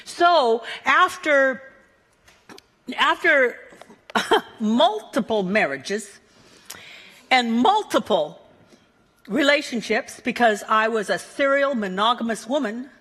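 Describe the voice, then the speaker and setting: A woman minister giving a Sunday sermon in a playful, animated way, chuckling at her own asides. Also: fairly high pitch, takes it slowly, long pauses, in a large hall. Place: church sanctuary.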